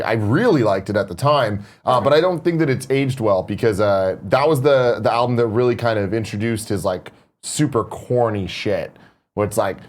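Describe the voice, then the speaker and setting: A young man co-hosting a morning talk show, chatting casually, swearing freely and mimicking lyrics in put-on voices. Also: medium pitch. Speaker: podcast co-host. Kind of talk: casual chat.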